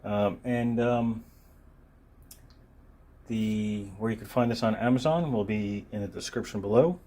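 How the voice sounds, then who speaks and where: A man casually reviewing a multitool on camera, talking in a relaxed, meandering way with frequent ums and uhs while he handles it. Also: lowish voice, a little slow. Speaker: gear reviewer. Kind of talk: unscripted product review. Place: filming himself while handling the tool.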